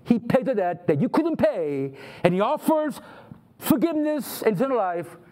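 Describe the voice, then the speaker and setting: A man's voice: very high voice, big pitch swings, normal speed, warm tone. A man preaching a sermon, acting out the voices of God and of people who complain to Him. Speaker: pastor.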